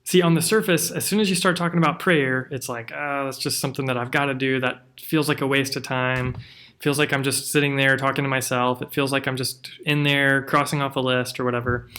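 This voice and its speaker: A man's voice: medium pitch, steady tone, fairly quick, bright, forceful tone. A man, a pastor, giving an earnest, conversational devotional teaching with rhetorical questions.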